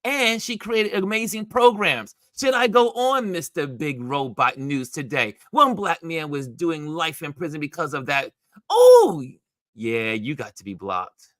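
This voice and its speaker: A man hosting a casual livestream, animated and emphatic, reacting to viewer comments and laughing often. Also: a little high, unhurried, no echo, studio quality. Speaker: livestream host.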